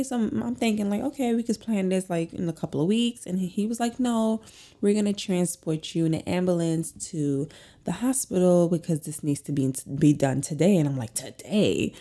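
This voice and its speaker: A woman's voice: low voice, gravelly, mellow. A young woman tells a personal story in a chatty, rambling way, full of "like" and "um". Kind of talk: casual storytelling.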